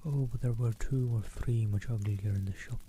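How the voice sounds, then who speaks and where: A man reading aloud, softly voicing a giddy, boastful teenage girl. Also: mid-range voice, fairly even intonation, moderate pace, a little hiss or hum, natural voice. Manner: soft, hushed reading voice.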